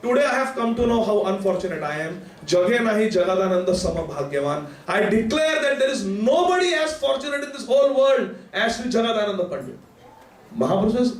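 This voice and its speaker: High-voiced preacher in an echoey temple. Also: male voice. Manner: animated storyteller, chants verses slowly. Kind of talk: devotional sermon with storytelling. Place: large temple hall, indoors. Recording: echoey temple hall, mic at a distance.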